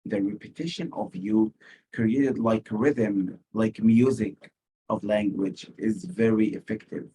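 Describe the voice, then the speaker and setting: A male SAT teacher with an Arabic accent giving a recorded lesson, explaining slowly and repeating key words for emphasis. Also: lowish voice, fairly even intonation, mellow, breathy edge, rough recording. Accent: Arabic-speaking. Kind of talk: recorded lecture.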